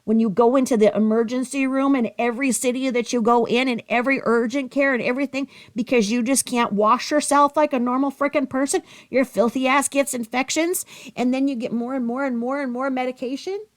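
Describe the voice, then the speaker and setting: A woman's voice: high voice, steady tone, a little fast. A woman giving a heated, sarcastic commentary rant, scolding with rhetorical questions and audibly angry. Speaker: commentary YouTuber.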